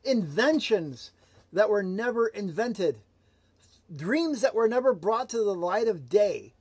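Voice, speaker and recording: A man giving a motivational livestream talk, emphatic and swinging between loud declarations and hushed asides. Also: sits high, animated, slow, slightly rough, no echo. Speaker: motivational speaker.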